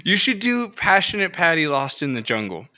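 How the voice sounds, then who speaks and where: A man with a bright, forceful voice co-hosts a casual podcast. He jokes around, pokes fun at himself and keeps laughing between his lines. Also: fairly high pitch, sing-song, moderate pace. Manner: joking, self-deprecating, laughs often. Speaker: podcast co-host.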